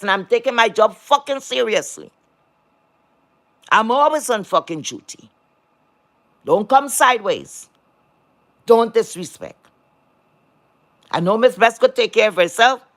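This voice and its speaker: A woman moderating a livestream chat, lecturing and scolding viewers in a blunt, profane rant. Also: mid-range voice.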